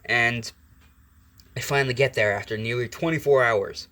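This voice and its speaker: A man's voice: mid-range voice, steady tone, moderate pace, sharp tone. A young man hosting his channel, telling a fan story in a chatty, rambling way with fillers and self-corrections. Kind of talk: casual fan-fiction storytelling.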